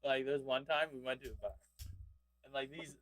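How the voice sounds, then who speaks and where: A man's voice: medium pitch, flat delivery, moderate pace, a bit bright, rough recording. A man on a casual podcast, chatting loosely, reacting to friends and telling his own bar story. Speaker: podcast co-host.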